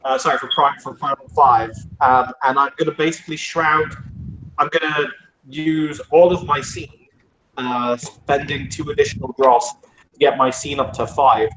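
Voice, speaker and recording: A man's voice: medium pitch, steady tone, moderate pace, pushed and bright, slight background noise. Rambling male player in an echoey room. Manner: rambling, explanatory, restarts. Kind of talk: tabletop role-play table talk.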